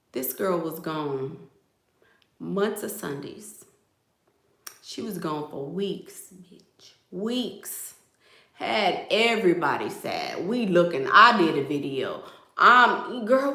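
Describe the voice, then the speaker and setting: A woman's voice: fairly low pitch, sing-song, slow, sharp tone, echoey room. A woman vlogger telling gossip to her viewers in a casual, chatty way, often calling them "girl".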